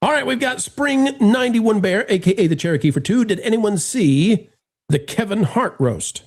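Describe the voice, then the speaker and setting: A man hosts a live stream in a loose, joking way and talks straight to his audience. His fairly high voice swoops up and down with a lot of expression. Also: normal speed. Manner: animated, joking, addresses viewers directly. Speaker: livestream host. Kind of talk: casual live-stream chat.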